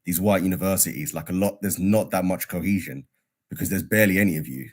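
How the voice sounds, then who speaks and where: A young British man calls in to a live show, his voice very deep and husky. He rushes and rambles, leaning on "like" as he thinks out loud. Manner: rambling, many "like" fillers. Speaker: caller. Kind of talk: casual call-in chat.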